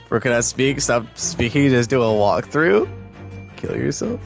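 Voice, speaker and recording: A man giving casual, joking let's-play commentary in low, mumbled asides with crude humor. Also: expressive, unhurried, gravelly, faint music behind. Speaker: gaming video creator.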